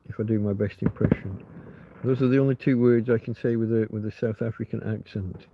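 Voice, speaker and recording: A man's voice: fairly low pitch, level tone, fairly quick, very noisy. Musing Englishman on a dull-sounding stream. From England. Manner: musing, self-interrupting, easily puzzled. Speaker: livestream host. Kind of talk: rambling live chat, reading comments aloud. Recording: slightly dull, lo-fi stream audio.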